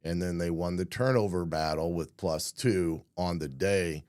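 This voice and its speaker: A hoarse man hosting a casual football film breakdown, often clearing his throat and filling pauses with "uh" and "um". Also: low voice, darkish tone, no room sound, clean studio sound. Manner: frequent throat clearing, many fillers. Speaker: football analyst host.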